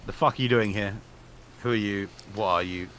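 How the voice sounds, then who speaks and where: A man's voice: on the low side, fairly even intonation, fairly quick, background noise, pitched below the performer's own voice, lightly acted. A man voicing a hotheaded male wrangler in a tabletop game, blunt and threatening, swearing as he demands answers.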